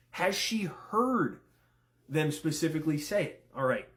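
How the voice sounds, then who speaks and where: Animated, swearing young-sounding man. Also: a little high. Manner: rapid-fire questions, profane, excitable. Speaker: content creator. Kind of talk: casual commentary.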